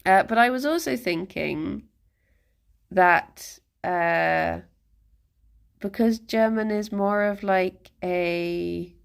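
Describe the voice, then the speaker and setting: A woman's voice: medium pitch, very slow, gravelly, clean tone. A woman live streamer chatting casually with her viewers, rambling and self-deprecating, chuckling as she goes.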